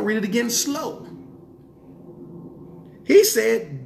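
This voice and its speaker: Male preacher, emphatic, repetitive, gravelly, lively pitch. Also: slow pace, long pauses. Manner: emphatic, repetitive, rhetorical questions. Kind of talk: sermon. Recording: roomy echo.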